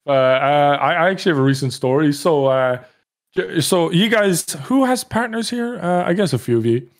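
Man, Irish accent, podcast guest, rambling storyteller, slightly high voice. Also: animated, normal speed. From Ireland. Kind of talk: casual chat.

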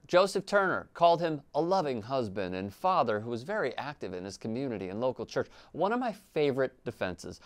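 A man hosting a sports commentary show, delivering the news with a sarcastic edge. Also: fairly high pitch.

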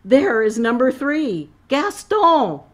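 A woman's voice: low-pitched, lively intonation, takes it slowly, heavily acted. A woman voicing a grand, imperious older female couturier, reading a novel aloud in a commanding, exclaiming way.

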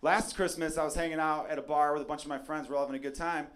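A man's voice: a little high, fairly even intonation, quick pace. A man from Chicago doing a stand-up comedy set on a club stage, brash and profane, talking straight to the crowd. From Chicago area. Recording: live club recording with crowd laughter. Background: audience laughter.

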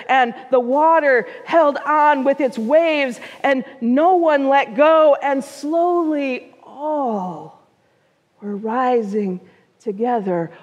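Woman pastor, storytelling sermon, high voice, slow unhurried delivery, long church reverb. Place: church sanctuary.

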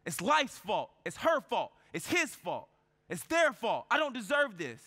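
Male keynote speaker, high bright voice, storytelling style, lots of rhetorical questions. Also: huge pitch swings, measured pace. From United States. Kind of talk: motivational keynote speech. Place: large event hall on stage. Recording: reverberant conference hall.

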